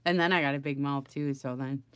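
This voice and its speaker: A woman's voice: extremely low pitch, steady tone, brisk, clean tone, no room sound. A middle-aged woman chatting casually on a home crafting livestream, rambling and greeting viewers by name.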